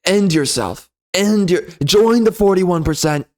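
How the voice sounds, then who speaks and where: A man delivering a loud, sneering, profane comedy rant as a game reviewer. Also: a little high, measured pace, hardly any pauses. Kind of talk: ranting comedy commentary.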